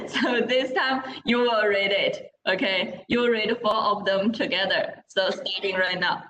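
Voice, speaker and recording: A woman's voice: mid-range voice, takes it slowly, a bit bright, slight background noise. A woman teaching a Mandarin class. She explains patiently, models sounds for students to repeat, and checks in often by asking "okay?". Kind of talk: classroom language lesson. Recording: roomy echo.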